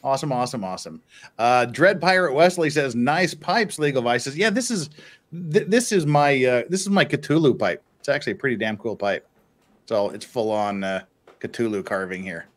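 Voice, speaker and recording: A man's voice: mid-range voice, lively intonation, normal speed. A man hosting a casual live stream, reading viewer messages aloud and teasing his co-hosts with frequent chuckles. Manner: jokey, teasing, chuckles often.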